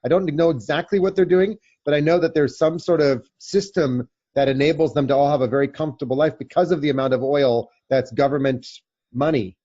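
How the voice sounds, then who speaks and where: A man's voice: fairly high pitch, steady tone, fairly quick, hardly any pauses, mellow, breathy edge. A man co-hosting an interview, asking long, rambling questions full of hesitations. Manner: rambling, hesitant questions with many fillers and restarts. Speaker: podcast co-host interviewer. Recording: dull lo-fi audio.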